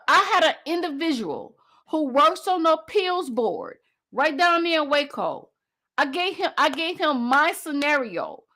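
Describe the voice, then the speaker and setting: A woman's voice: sits high, pushed and bright. A woman host and coach giving a passionate motivational talk, driving points home by repeating phrases.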